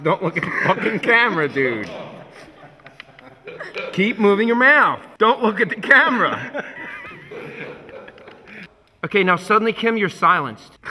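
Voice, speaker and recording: Profane male director coaching actors on set, mock-dramatic; bright, piercing tone, long set reverb. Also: high voice. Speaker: music video director. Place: large film set.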